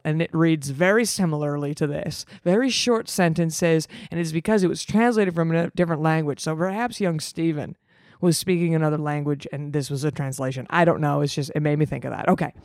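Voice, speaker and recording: A woman reading a story aloud in a dramatic way, breaking off for sarcastic, deadpan comments. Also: low voice, a little fast, no echo, studio quality. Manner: sarcastic, mocking asides; swings between dramatic reading and flat deadpan.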